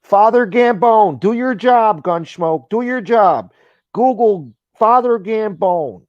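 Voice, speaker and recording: A man putting on a slow, dim boastful guy. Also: high-pitched, animated, dry recording, dull audio, voice pushed up. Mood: mocking. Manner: slow, drawling, self-mocking, profane. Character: boastful rambling dim-witted grown man.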